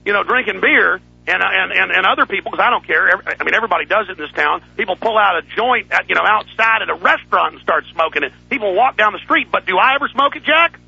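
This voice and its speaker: Furious gravelly-voiced male radio host. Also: high-pitched, animated, fast talker, few pauses, no room sound, muffled recording. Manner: angry, shouting, repetitive. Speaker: radio talk show host. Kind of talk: heated talk radio rant.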